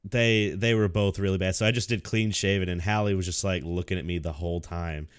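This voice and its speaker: A man's voice: sits low, steady tone, a little fast, clear, resonant tone, no room sound, studio quality. A young man telling a story in casual chat, laughing often and swearing freely, talking into a desk mic on a call. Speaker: podcast co-host.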